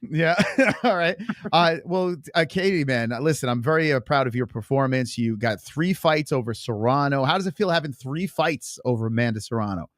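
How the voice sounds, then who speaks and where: A man's voice: mid-range voice, expressive, moderate pace, hardly any pauses, a bit bright, no echo, clean studio sound. A man playing a post-fight interviewer who keeps breaking into laughter and stumbles over fillers.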